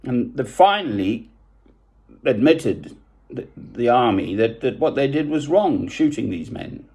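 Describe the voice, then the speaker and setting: Man, husky, lively up-and-down delivery; rambling, self-deprecating monologue with chuckles. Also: mid-range voice, unhurried.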